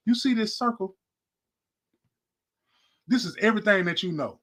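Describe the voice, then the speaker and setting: Sitting high, this man's voice sounds pushed and bright. He's hosting a podcast on a close-held phone, casually preaching directly at viewers while rambling and going over the same points again.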